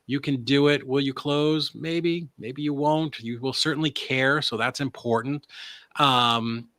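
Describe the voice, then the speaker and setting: Man, live webinar sales pitch, energetic, casual, animated, mid-range pitch. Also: a little slow. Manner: energetic, casual, salesy, often asks "right?"; animated delivery, swears. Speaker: transaction coordination business owner.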